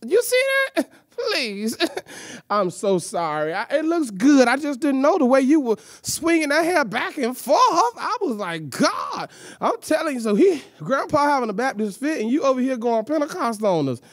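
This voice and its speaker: A woman's voice: high-pitched, very animated, normal speed, no room sound, clean studio sound. Breathless woman hosting a church youth hour. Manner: exuberant call-and-response, playful teasing. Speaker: youth service host. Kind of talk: lively church show hosting.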